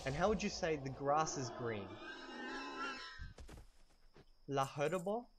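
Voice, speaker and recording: A man teaching a language lesson while playing a game, speaking softly and keeping his voice low, patiently repeating each phrase slowly. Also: big pitch swings, background noise. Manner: soft-spoken, kept low. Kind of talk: casual lesson while gaming. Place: home room at night.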